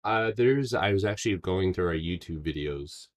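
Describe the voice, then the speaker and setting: A man hosting a live stock trading stream, chatting casually and excitably with laughing asides. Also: low-pitched, moderate pace.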